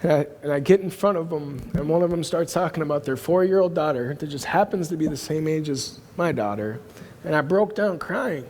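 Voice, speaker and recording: A man's voice: fairly high pitch, brisk, darkish tone, slight background noise. A man preaching a sermon, telling a personal story in an earnest, emphatic way. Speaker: pastor. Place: church auditorium. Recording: long hall reverb.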